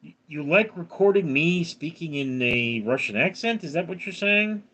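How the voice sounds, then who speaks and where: A man's voice: on the high side, lively intonation, normal speed, bright, forceful tone. A man in his thirties live streaming, reading out viewers' names and answering them with crude, joking replies. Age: 30s. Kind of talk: casual live-stream chat.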